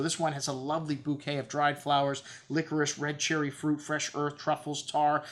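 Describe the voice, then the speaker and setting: A man's voice: on the high side, a bit bright. A man hosting a casual wine review in a store's back room, listing tasting notes with enthusiasm and frequent fillers. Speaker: wine shop host.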